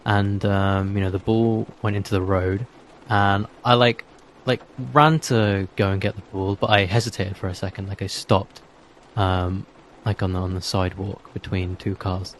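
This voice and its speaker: A man's voice: deep voice, little pitch movement, normal speed, a little hiss or hum, low-quality recording. A young man co-hosting a podcast, telling a childhood story in casual chat and filling his speech with "like". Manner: fills speech with "like". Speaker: podcast co-host.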